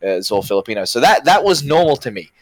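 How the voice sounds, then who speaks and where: A man chatting casually, his pitch swinging a lot as he talks. He restarts sentences and fills gaps with "like" and "man". The sound is dry and close. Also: fast, no echo. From Australia. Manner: animated, many fillers and restarts. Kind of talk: casual chat.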